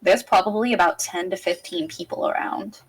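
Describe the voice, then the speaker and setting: A woman's voice: fairly low pitch, normal speed, breathy edge, poor audio. A woman narrating a tabletop game as game master, in a casual and rambling way. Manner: casual, rambling, with frequent restarts.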